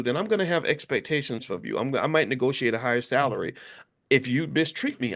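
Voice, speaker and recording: A middle-aged man delivers a loose, casual commentary monologue in a slightly high voice. His pitch rises and falls a great deal as he talks. He often restarts and repeats words, dropping into acted voices for the people he quotes.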